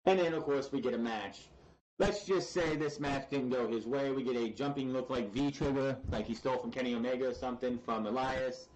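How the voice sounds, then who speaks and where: A man's voice: medium pitch, fairly quick, darkish tone, poor audio. Exasperated man reviewing wrestling. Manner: blunt, exasperated, opinionated. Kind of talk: casual podcast commentary.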